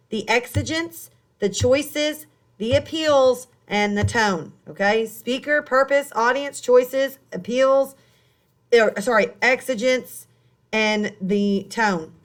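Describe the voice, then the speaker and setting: A woman high school English teacher giving a recorded online lesson, explaining step by step and rephrasing as she goes. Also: a bit bright.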